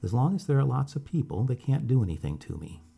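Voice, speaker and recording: A flustered middle-aged office man, as a storyteller puts him on, with a tenor voice pitched above the reader's own. He sounds tense and rattled. The voice carries some gravel and a husky edge. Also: sing-song, quick pace, mellow, full character voice. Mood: anxious.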